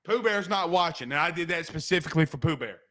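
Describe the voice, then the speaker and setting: A man with a high voice hosts a postgame sports show. He rants in a brash, profane, rapid-fire way, fired up and hammering each point. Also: lively intonation, fairly bright tone, slight background noise. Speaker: sports talk show host.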